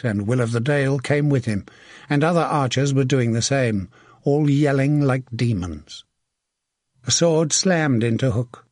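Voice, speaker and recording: A man's voice: medium pitch, darkish tone, no echo. Man narrating a story, dry close sound. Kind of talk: audiobook narration.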